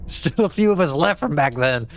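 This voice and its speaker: A man's voice: a little high, expressive, moderate pace, slight background noise. A man voicing a sinister, folksy old male cult member in a put-on rural drawl, reading game text aloud. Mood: menacing.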